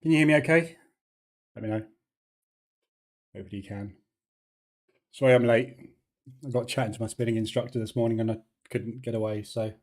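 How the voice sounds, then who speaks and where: A man's voice: mid-range voice, steady tone, fairly quick, long pauses. A man hosting a live trading stream, talking through market moves in a chatty, rambling way with lots of fillers and restarts, over a faulty mic.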